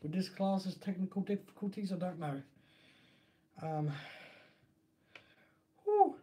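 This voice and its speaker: A man's voice: high voice, steady tone, normal speed, dark tone. Rambling Essex man on a live stream. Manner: rambling, chatty, laughs often. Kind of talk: casual live stream chat.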